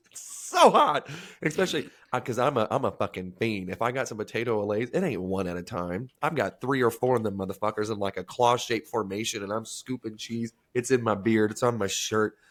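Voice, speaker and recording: A married man co-hosting a podcast, chatting casually and telling animated, profane stories with acted-out quotes. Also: lowish voice, fairly quick, hardly any pauses. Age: adult, married. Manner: animated storyteller, swears freely, acts out quotes. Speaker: podcast co-host.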